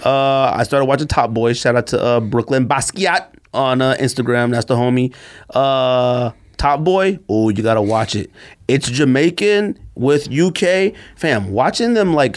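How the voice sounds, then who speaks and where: Animated joking man on a podcast. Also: mid-range voice. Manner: animated, joking, argumentative banter. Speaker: podcast co-host. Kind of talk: casual chat.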